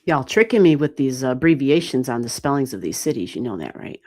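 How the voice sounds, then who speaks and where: Low-pitched woman, midwestern US accent, chatty livestream astrologer, dry close sound. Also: fairly quick, no echo. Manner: chatty, animated, swears casually. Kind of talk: casual live-stream reading.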